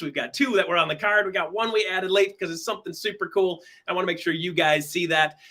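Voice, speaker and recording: A man's voice: a little high, pushed and bright. A man hosting a weekly online show, chatting in an upbeat, casual way with fillers and restarts. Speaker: host. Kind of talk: casual livestream talk show.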